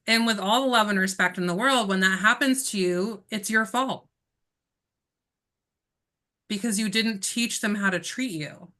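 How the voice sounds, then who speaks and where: A woman's voice: mid-range voice, a little slow, long pauses, pushed and bright. A woman giving a real estate coaching session over a video call, talking directly and with emphasis to her listeners.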